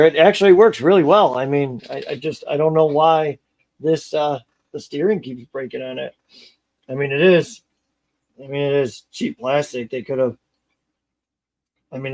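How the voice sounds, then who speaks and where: Gravelly man chatting while tinkering. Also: medium pitch, a little mellow, rough recording. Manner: rambling, joking, muttering to himself while building. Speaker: RC car hobbyist streamer. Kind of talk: casual live-stream chat while working.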